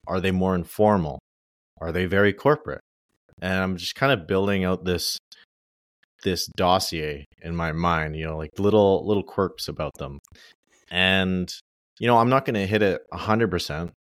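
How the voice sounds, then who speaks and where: Young male guest, deep voice, dry close sound, relaxed explainer. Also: moderate pace, dry recording. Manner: relaxed, explanatory, speaks in loose casual phrasing. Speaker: ghostwriter guest. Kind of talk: casual podcast interview.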